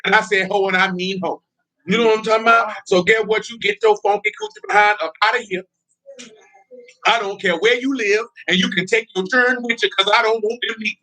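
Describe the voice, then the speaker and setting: Male preacher, high and forceful delivery; blunt, confrontational street-talk sermon with laughing asides. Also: animated, fairly quick. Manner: blunt, confrontational, repeats "you know what I'm talking about"; breaks into laughter between points.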